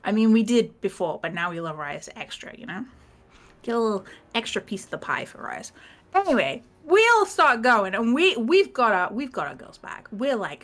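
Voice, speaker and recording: A woman's voice: a little high, big pitch swings, moderate pace, a bit bright. A woman casually recapping the last session of a tabletop game, rambling, laughing and swearing as she quotes the characters.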